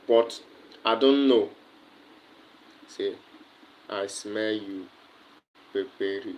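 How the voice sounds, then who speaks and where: Slow low-voiced Nigerian man livestreaming. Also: slight background noise, low-quality recording. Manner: answers viewers' comments directly, many fillers and repetitions. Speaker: livestream host. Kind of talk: casual livestream chat.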